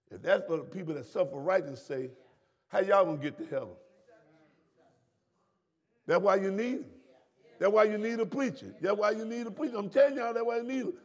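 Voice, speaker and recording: A man preaching a sermon as pastor, repeating lines and breaking into shouts at the congregation. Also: high-pitched, expressive, normal speed, long pauses, husky. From Southern United States.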